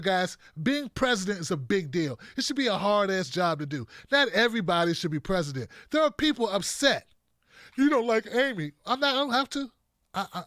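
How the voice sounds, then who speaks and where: Blunt, high-voiced male stream host. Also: a bit bright, no echo, studio quality. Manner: blunt, mocking, off-the-cuff. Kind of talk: livestream political commentary.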